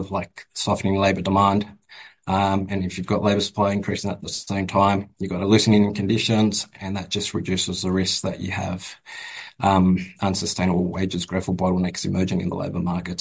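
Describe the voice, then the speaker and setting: Man, Australian accent, lowish voice, halting speech full of ums, economist commentary. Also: vocal fry, husky, low-quality recording. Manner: hesitant, many fillers and restarts. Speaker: bank economist. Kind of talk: casual interview commentary.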